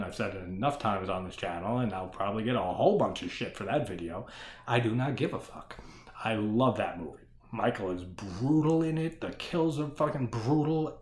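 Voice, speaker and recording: In an echoey room, a man with a voice on the low side casually discusses a horror film by himself. He rants, swears plenty and laughs often.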